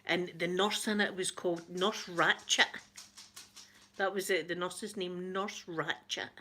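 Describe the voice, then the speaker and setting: A woman's voice: on the low side, steady tone, measured pace, sharp tone, slight background noise. A middle-aged woman with a Scottish accent, hosting a casual chat with viewers and reading out their comments. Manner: chatty, reads out viewer comments, laughs often. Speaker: ASMR livestream host.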